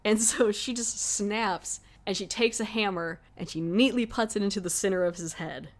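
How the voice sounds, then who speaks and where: A podcast host retells a horror movie's plot in a casual film review chat, rambling along and saying "like" constantly. Her voice is medium-pitched at a moderate pace.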